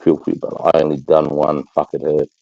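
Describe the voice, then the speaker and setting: A man's voice: a bass voice, little pitch movement, a little fast, no room sound, highs cut off. A man with an Australian accent telling crude, swearing stories in casual chat. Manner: crude, swearing, laughing storyteller.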